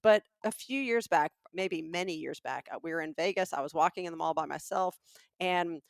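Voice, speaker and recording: A middle-aged woman from the American South, co-hosting a podcast and telling an animated story with lots of acted-out quotes. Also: fairly low pitch, brisk, creaky, dry recording, clean studio sound. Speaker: podcast co-host. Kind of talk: casual storytelling chat.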